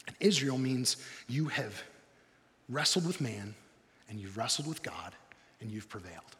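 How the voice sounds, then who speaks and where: A man preaching a sermon, animated, swinging between loud excited bursts and quiet, low, intense stretches. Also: a little slow, pauses often, long reverb tail. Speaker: pastor.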